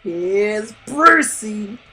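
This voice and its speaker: A woman with an Australian accent voicing a big, hungry male shark who tries to be friendly, booming and hammy. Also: expressive, drawn-out words, loud music behind the voice. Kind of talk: storybook read-aloud.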